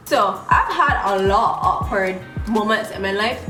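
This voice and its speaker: Chatty young woman, higher voice, roomy room. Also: measured pace, hardly any pauses. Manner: animated, chatty, laughing while telling a story; applying makeup while talking. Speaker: beauty vlogger. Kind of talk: casual storytime vlog. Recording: roomy room with background music.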